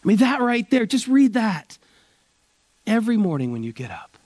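A man preaching a sermon at a church service, drawing out key phrases slowly for emphasis. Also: high-pitched, sing-song, darkish tone, no echo. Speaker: pastor.

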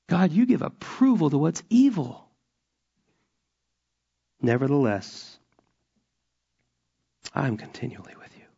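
Pastor, male, fairly high voice, impassioned sermon delivery dropping to near-whispers, muffled recording. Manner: emotional, swings from loud emphasis to hushed whispers.

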